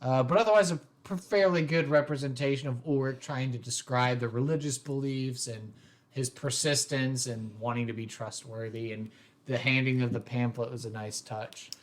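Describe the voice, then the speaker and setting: With a steady tone and moderate pace, a mid-range male voice belongs to the host and game master of a tabletop role-play podcast. He chats loosely, stumbling through fillers and restarts.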